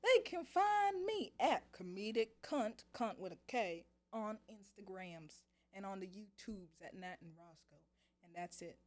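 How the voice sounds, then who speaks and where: A woman's voice: mid-range voice, animated, unhurried. A woman who is a guest comedian on a casual talk show, making blunt wisecracks and laughing a lot.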